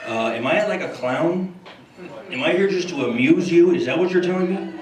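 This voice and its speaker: A man's voice: a little high, expressive, moderate pace, lightly acted. A man impersonating a confrontational gangster character during a stand-up impressions bit. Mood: menacing. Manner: menacing, confrontational. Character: tough-guy gangster in a celebrity impression. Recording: echoey room from far off, loud crowd noise.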